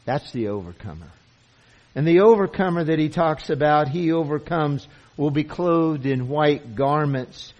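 A man's voice: fairly high pitch, animated, unhurried. An earnest male preacher delivering a sermon in a slightly raised voice. He talks emphatically and repeats words as he builds to each point. The recording sounds dull and lo-fi.

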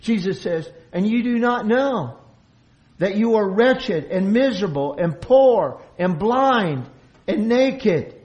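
A man's voice: high-pitched, lively intonation, takes it slowly, a little mellow, lo-fi sound. A man preaching an expository sermon, earnest, often restarting phrases and raising his voice for quoted lines. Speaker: pastor.

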